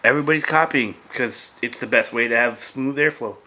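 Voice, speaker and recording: A man casually chatting to camera as a vlogger, loose, profane and enthusiastic, often dropping to a hush. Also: medium pitch, brisk. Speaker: vlogger reviewing beer and vape pairings.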